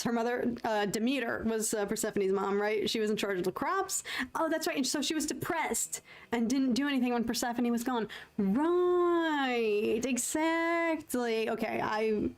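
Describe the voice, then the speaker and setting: A woman's voice: medium pitch, darkish tone. Chatty woman painting on a live stream. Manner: chatty, self-conscious, rambling with fillers. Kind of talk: casual live-stream chat while painting.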